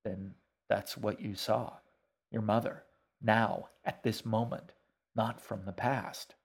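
A man reading a story aloud, voicing a polite middle-aged stranger who speaks gently and a bit formally. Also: fairly low pitch, fairly even intonation, slightly rough, exaggerated voice. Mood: calm. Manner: measured, mildly formal.

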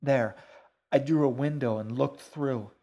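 A man's voice: mid-range voice, measured pace, warm tone, voice pushed up, close to an everyday voice. A man reading a story aloud, voicing a frightened young girl in a strained, pleading way. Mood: distraught.

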